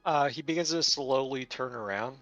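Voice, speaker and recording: A man running a tabletop game, describing each scene in a bright, forceful voice. He narrates haltingly with frequent fillers, recorded close and dry with slightly dull sound. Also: mid-range voice, no room sound, soft background music. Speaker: game master.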